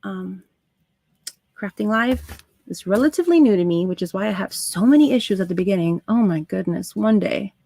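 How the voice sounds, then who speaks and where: A woman hosting a live crafting stream, chatting to her viewers as she works, with soft asides under her breath. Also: medium pitch, animated, a little fast, gravelly, no echo. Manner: talks to chat viewers while working, soft asides. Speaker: craft livestream host.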